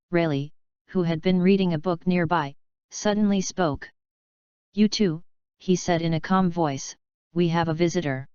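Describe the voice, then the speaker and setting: Crisp low-pitched woman reading a story. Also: darkish tone, no echo, highs cut off. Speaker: audiobook reader. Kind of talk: scripted narration.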